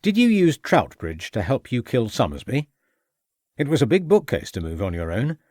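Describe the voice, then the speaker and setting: A man's voice: medium pitch, huge pitch swings, normal speed, a little mellow, no room sound. A man reading an audiobook, voicing a shrewd, stern male police inspector who questions in a dry, mocking way. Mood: probing. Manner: probing, dryly mocking.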